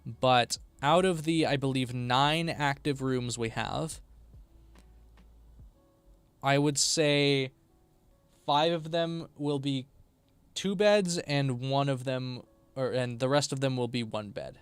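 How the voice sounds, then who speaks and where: A man's voice: mid-range voice, slow pace, clear, resonant tone, no echo. A tired man chatting casually on a live stream while building a game, often mumbling to himself.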